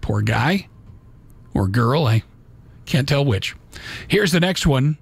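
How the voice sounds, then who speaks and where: Slow-talking man hosting a talk show. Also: mid-range voice, expressive, breathy edge. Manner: folksy, reads memes aloud with chuckling asides. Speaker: radio talk show host. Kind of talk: casual live show commentary.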